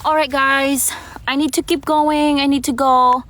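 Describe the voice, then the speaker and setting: A woman chatting casually on a live stream while paddling outdoors, giggly and easily excited. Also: sits high, measured pace.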